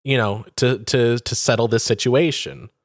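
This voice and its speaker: A man's voice: medium pitch, steady tone, moderate pace, dry recording, clean studio sound. A man co-hosting a podcast, chatting casually and retelling a story with profane, acted-out quotes. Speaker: podcast co-host. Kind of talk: casual chat.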